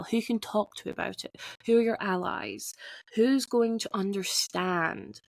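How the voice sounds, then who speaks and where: A woman's voice: fairly high pitch, gravelly, dry recording. A woman hosting her podcast alone, talking candidly, swearing freely and restarting her sentences often. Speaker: podcast host. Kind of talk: candid solo podcast monologue.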